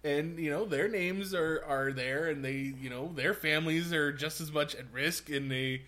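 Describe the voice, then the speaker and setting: A man with a slightly high voice lays out his view on a podcast, measured and a bit hesitant. He restarts his sentences but keeps a calm, reasoning tone throughout. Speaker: podcast co-host. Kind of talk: casual podcast chat.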